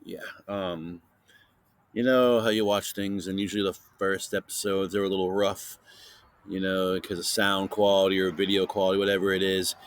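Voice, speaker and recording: A man hosting a casual science podcast for kids, playfully interviewing a silent guest and filling pauses with chatter. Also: low-pitched, little pitch movement, no room sound. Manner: chatty with many fillers. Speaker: podcast host.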